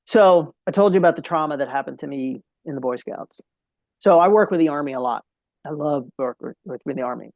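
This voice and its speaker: A man's voice: on the high side, brisk, vocal fry, a little mellow, no room sound. A man speaking as a podcast guest, telling a heartfelt story in an earnest way and repeating key phrases for emphasis.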